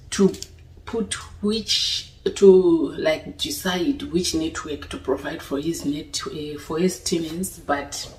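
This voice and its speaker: Low, slow-talking woman in a roomy space. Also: a little mellow, recorded from a distance. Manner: chatty, asks "you understand?" often. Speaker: vlogger. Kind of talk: casual talk to camera. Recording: roomy echo, voice a little off-mic.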